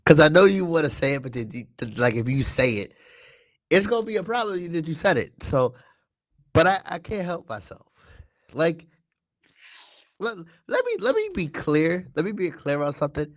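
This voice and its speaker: A man's voice: fairly high pitch, sing-song, moderate pace, pauses often, dry recording. A young man hosting a political talk show, ranting heatedly with constant swearing and stammered restarts. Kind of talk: heated profane political rant.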